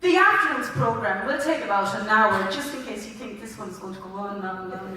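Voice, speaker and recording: An Irish school principal gives a heartfelt, chatty welcome speech at a ceremony, stumbling now and then. Her voice sits on the high side, bright and forceful, at normal speed with few pauses. She's recorded from far off in a large indoor sports hall, so the sound is echoey.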